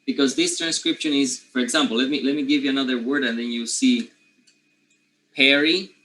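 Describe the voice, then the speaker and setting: A man from Panama with a Panamanian accent, a native Spanish speaker teaching English pronunciation, who often clears his throat and keeps checking in with his students. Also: medium pitch, steady tone, quick pace, a bit bright, low-quality recording. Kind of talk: pronunciation lesson.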